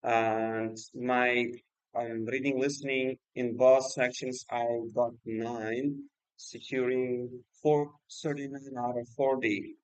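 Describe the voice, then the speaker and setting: A man's voice: medium pitch, level tone, slow pace, smooth, dry recording, dull audio. A man hosting a casual livestream, speaking hesitantly with many fillers and restarts. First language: Uzbek. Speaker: livestream host and exam student.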